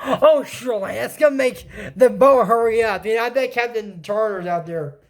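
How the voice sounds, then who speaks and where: A woman's voice: fairly high pitch, normal speed. A woman giving a casual reaction commentary on a cartoon episode, rambling and sarcastic, with mocking asides.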